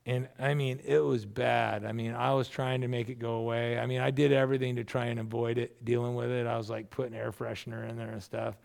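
Gravelly-voiced preacher telling a story. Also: male voice, mid-range voice, flat delivery, a little fast, hardly any pauses, darkish tone. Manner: conversational storytelling preaching, many restarts. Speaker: pastor. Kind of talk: sermon.

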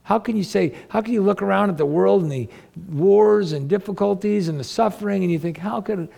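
A male pastor preaching a sermon with a strongly gravelly, crackling voice pitched a little above the usual for a man. He reads scripture aloud and turns to his listeners with earnest rhetorical questions. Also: brisk, warm tone.

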